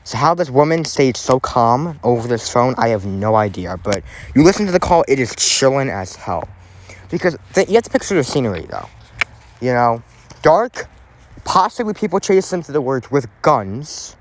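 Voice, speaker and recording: A man's voice: medium pitch, big pitch swings, moderate pace. A man hosting a casual true crime podcast, talking in a rambling way with lots of fillers and restarts.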